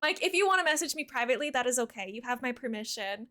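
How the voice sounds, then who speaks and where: Young woman streamer, high lively voice, gushing and sweet, casual game-stream chatter. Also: quick pace. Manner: bubbly, gushing, talks sweetly to her cat and chat. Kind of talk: casual live-stream chat.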